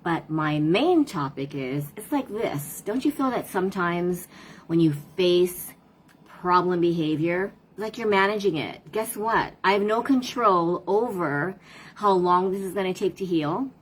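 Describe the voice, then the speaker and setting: A woman's voice: fairly low pitch, measured pace, husky, poor audio. A woman parent coach talking casually to viewers on a live stream, asking rhetorical questions and replying to comments.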